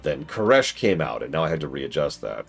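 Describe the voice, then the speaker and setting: A man streaming a game, rambling casually with self-corrections and excitable asides. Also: very deep voice, fairly quick, vocal fry. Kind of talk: casual gaming stream commentary. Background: game music.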